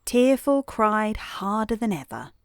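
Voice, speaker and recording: A British woman reading a bedtime story in a calm, soothing, unhurried way. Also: medium pitch, no room sound, studio quality.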